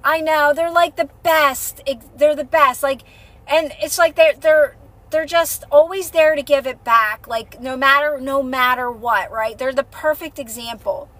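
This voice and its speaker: Bright, high-voiced woman livestreaming. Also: measured pace. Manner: chatty, reassuring, many fillers and repeats. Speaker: livestream host, manifestation coach. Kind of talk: casual livestream chat to viewers.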